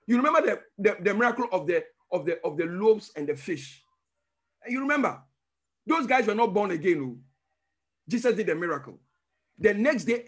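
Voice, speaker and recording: A man's voice: high-pitched, slightly rough. A male pastor teaching a sermon emphatically, using call-and-response questions and breaking into tongues.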